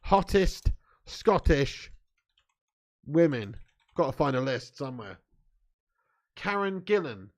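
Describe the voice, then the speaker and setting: Hosting a football watch-along live stream, this man from southern England sounds very animated yet slow, leaving long pauses. His slightly high voice carries casual banter and frequent laughter as he reads viewers' comments aloud.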